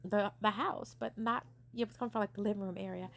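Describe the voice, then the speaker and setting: Animated young woman telling a story. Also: mid-range voice, brisk, creaky, few pauses. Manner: animated, acts out the quotes, many "like" fillers. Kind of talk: casual personal storytelling.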